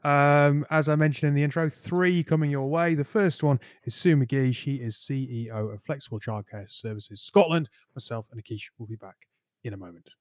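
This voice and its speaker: A man's voice: mid-range voice, normal speed, no room sound, studio quality. A man hosting a weekly technology podcast, chatty and jokey in casual banter. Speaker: podcast host. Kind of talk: casual chat.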